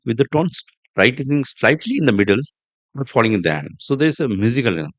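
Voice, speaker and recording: A man hosting a podcast lesson on English pronunciation, speaking deliberately, repeating himself, with fillers and restarts. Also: medium pitch, animated, no echo. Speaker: podcast host and English teacher. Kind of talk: instructional podcast monologue.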